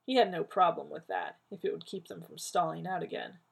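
A woman narrating a work of fiction at a steady, even pace in a husky, gravelly voice. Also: fairly low pitch, a little fast. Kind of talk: audiobook reading of fiction.

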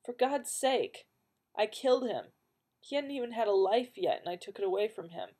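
A grim, guarded immortal swordsman, as a woman reads him, his words coming out tight, clipped and gruff. The voice sits a little low, with a warm, mellow tone. It is a storybook reading rather than a full performance. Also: normal speed. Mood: anguished. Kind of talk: audiobook character reading.

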